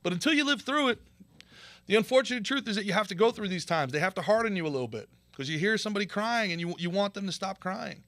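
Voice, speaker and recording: Animated sarcastic male commentary host. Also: high-pitched, fast talker, dry recording. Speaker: show host. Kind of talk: political commentary stream.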